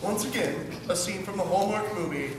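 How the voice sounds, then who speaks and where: A woman's voice: medium pitch, brisk. A teenage girl co-presenting a comedy sketch with dry, teasing lines. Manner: dry, teasing, lively delivery. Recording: echoey room from far off, noise behind.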